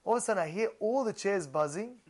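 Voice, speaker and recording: A man, a rabbi, giving an animated storytelling Torah talk, repeating his phrases and mixing in Hebrew terms. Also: high voice, fast talker, low-quality recording.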